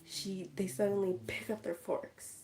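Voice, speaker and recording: A woman casually recapping a movie on her livestream, chatty and animated, acting out scenes and dropping into whispers. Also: medium pitch, a little slow, a little hiss or hum.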